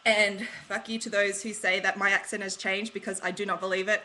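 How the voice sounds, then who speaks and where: A woman's voice: medium pitch, level tone, fairly quick, pushed and bright, low-quality recording. An Australian woman from Australia chatting in a casual, bubbly vlog, slangy and rambling as she talks. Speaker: vlogger.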